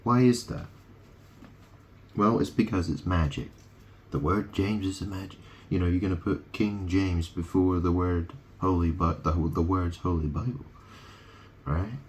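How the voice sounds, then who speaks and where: A man's voice: deep voice, measured pace, a little mellow, slight background noise. A man in a rambling monologue, punning on words and often asking "right?" as he talks to the camera. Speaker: video host.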